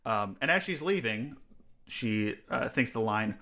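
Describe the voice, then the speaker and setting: Man, podcast co-host, casual chat, sarcastic, middle pitch, lots of fillers. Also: expressive, a little slow, bright, forceful tone, slight background noise. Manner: wry, sarcastic retelling with frequent "like" fillers. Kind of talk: casual book-club chat, reading aloud and summarizing.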